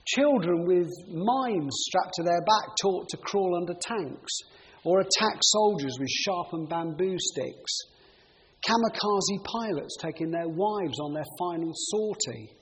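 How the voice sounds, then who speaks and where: A middle-aged man preaching a sermon, telling stories in a lively way and shifting his volume for emphasis. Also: measured pace. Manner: animated storytelling, shifting pitch and volume for emphasis. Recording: reverberant hall with faint noise.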